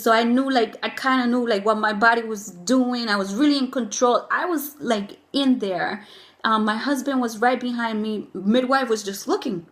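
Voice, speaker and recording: A young woman casually telling a personal story, animated and gushing, with lots of "like" and "oh my God" fillers. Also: fairly high pitch, moderate pace. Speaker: new mother telling her birth story.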